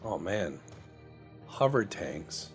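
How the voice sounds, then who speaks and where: A man's voice: sits low, sing-song, very slow, over music. A man casually commentating on his gameplay, rambling and joking, often repeating words as he thinks aloud. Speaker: game commentator. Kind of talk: casual let's play commentary.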